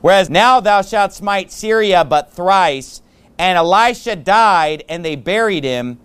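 Guy preaching, high pitched, smooth clear voice, reads verses slow then talks it through casual. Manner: reads scripture slowly, then explains in plain chatty talk; rises to loud emphatic bursts. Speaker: pastor. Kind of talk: sermon.

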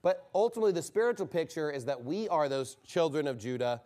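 A man's voice: fairly high pitch, lively intonation, fast, dark tone. A man preaching a fiery, combative sermon from the pulpit. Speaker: pastor.

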